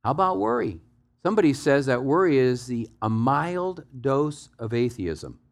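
A man's voice: big pitch swings, normal speed, vocal fry. Male pastor, mid-range voice, emphatic sermon delivery with big swings in volume, guides the congregation through the text. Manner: emphatic, swings between soft low asides and loud raised exhortation.

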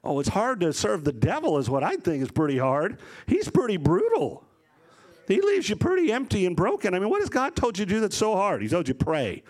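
A middle-aged man preaching a sermon as a pastor, telling stories with lively acted-out voices. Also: high-pitched, brisk. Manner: animated storytelling, acts out voices.

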